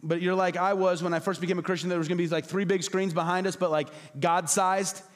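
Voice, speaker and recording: A man preaching a passionate sermon as pastor, emphatic and repetitive, at times dropping to soft, low tones. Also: flat delivery, fast talker, long reverb tail. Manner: acts out quoted voices, drops to soft low tones. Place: church hall.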